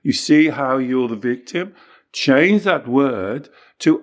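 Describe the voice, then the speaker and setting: A man's voice: lively intonation, slow pace. Emphatic male life coach teaching. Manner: emphatic, acts out clients' excuses in a higher voice; repeats key phrases for emphasis. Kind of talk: teaching talk in a podcast conversation.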